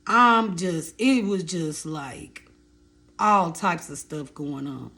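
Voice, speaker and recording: Animated woman telling her story. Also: on the low side, slow. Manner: animated, addresses viewers as y'all, repeats phrases. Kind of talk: casual storytelling to viewers.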